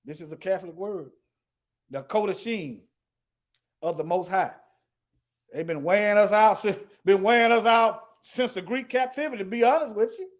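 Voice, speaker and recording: At a moderate pace and in a voice that sits high, a man preaches to an online audience. He teaches the Bible emphatically, reading passages aloud and addressing listeners directly.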